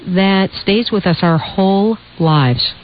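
A woman's voice: medium pitch, slow pace. A woman hosting a live talk radio show, interviewing guests and taking calls. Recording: dull broadcast audio with faint hiss.

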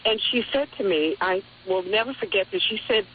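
A woman's voice: mid-range voice, fairly quick, hardly any pauses. Earnest woman caller on a phone line. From New York City, Harlem. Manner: earnest, heartfelt, animated storytelling. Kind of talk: call-in storytelling. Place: phone call into radio show. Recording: phone line with faint noise.

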